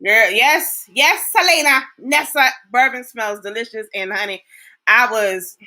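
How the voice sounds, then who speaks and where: Middle-aged woman, show host, folksy and chatty, slow and bright-toned. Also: on the high side. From Texas. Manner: chatty, folksy, talks to viewers directly. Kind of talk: casual livestream chat.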